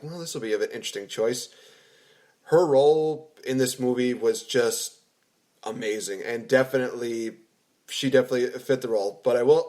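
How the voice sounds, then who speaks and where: A man's voice: mid-range voice, darkish tone. A man hosting a podcast, chatting about a movie in an easygoing way with frequent restarts. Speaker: podcast host. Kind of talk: casual movie review chat.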